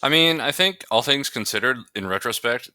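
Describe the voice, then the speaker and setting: A man's voice: medium pitch, animated, a little fast, sharp tone, no room sound. A man co-hosting a podcast, chatting casually about a movie he is watching, joking and swearing as he goes. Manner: joking, swearing, laughs often. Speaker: podcast co-host. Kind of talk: casual movie commentary chat.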